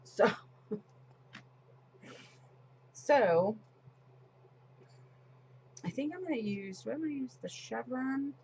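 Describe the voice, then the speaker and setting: A woman's voice: fairly high pitch, expressive, takes it slowly, gravelly, long pauses, darkish tone, muffled recording, a little hiss or hum. A woman in her forties chatting casually as she decorates her planner, retelling a story with lots of fillers and restarts. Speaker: planner vlogger.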